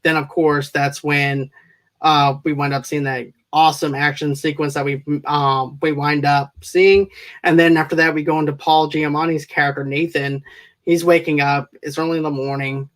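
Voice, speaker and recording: A man's voice: a little high, flat delivery, normal speed, fairly bright tone. Enthusiastic man recapping a film. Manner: rambling, enthusiastic plot recap with frequent fillers. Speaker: movie reviewer co-host. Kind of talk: casual podcast film review.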